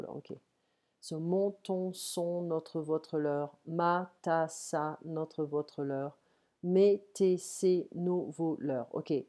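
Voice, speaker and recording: A woman with a French accent giving a relaxed online French lesson, explaining step by step and checking in with frequent "ok"s. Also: on the low side. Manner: explains slowly, switching between French and English, with frequent "ok". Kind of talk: casual one-on-one French lesson. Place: home. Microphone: computer mic on an online call.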